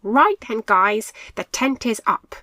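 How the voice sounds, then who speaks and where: A woman's voice: a little high, lively intonation, slow pace, pushed and bright, dry recording, voice pushed up, heavily acted, rough recording. A woman doing a bossy little boy mouse. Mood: commanding. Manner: firm, commanding. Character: bossy young boy mouse, eager leader.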